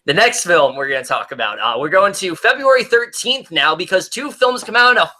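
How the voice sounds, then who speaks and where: A young man hosts a casual movie-preview chat with a bright, forceful tone. He rambles loosely through his opinions, joking and laughing along the way. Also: high-pitched, expressive, a little fast. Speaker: podcast host.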